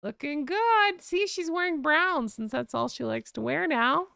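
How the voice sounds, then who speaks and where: A woman's voice: high voice, expressive, moderate pace, vocal fry, bright, forceful tone, no echo, clean studio sound. An American woman hosting a casual live chat stream, chatting and reading out viewer comments. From United States. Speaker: livestream host.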